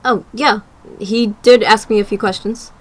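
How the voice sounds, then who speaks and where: A woman voicing a patient, reasonable young woman in a visual novel, in an even tone. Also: a little high, moderate pace, natural voice. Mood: calm.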